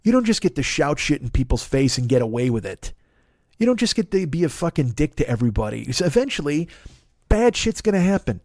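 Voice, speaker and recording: A man's voice: fairly high pitch, sing-song, a little fast, a little mellow, no room sound, clean studio sound. A man in his forties, a comedian hosting his own show, ranting with heavy swearing and mocking voices. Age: 40s. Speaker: comedian podcast host. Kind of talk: profane comedic rant.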